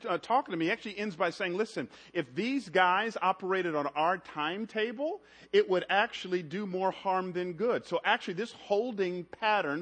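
In this sermon, a male preacher tells stories, his delivery swinging from lively and loud to hushed and low.

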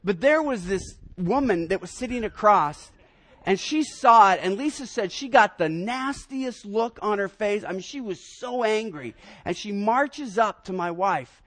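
A man in his fifties, a pastor preaching a sermon, telling personal stories in an animated way and often repeating his first words. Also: high voice, measured pace. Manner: animated storyteller, repeats words when starting sentences.

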